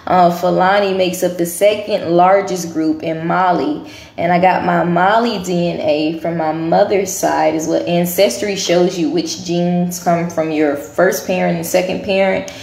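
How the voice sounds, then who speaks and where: A woman's voice: fairly low pitch, fairly even intonation, measured pace, gravelly, darkish tone, reverberant. A woman vlogging casually to camera, chatting and thinking aloud as she goes through a list. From United States. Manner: chatty, thinking aloud while reading results.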